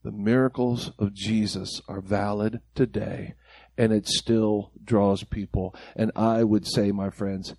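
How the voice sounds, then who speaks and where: A pastor delivers an impassioned, emphatic sermon to his congregation during a church service, peppering it with rhetorical questions. The man's voice is lowish and a little mellow, with no room sound in the recording.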